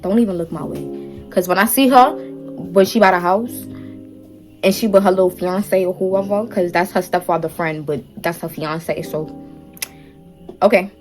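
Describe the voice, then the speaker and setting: Young woman vlogger, lowish voice, sassy story-time delivery, faint music behind. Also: measured pace, long pauses. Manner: animated, sassy storytelling with slang.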